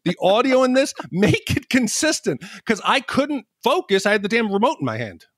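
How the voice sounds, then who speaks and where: A man chats casually on a movie-review podcast, his voice pitched a little high and swinging widely as he acts out the scenes he describes. The sound is close and dry, with no room around it. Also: moderate pace, no room sound. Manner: animated storyteller who acts out scenes. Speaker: podcast co-host.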